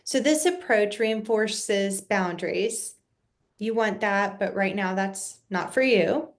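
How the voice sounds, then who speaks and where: A woman counselor calmly explaining parenting boundaries in an educational video, measured and patient, with the occasional restart. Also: mid-range voice. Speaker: child and family counselor.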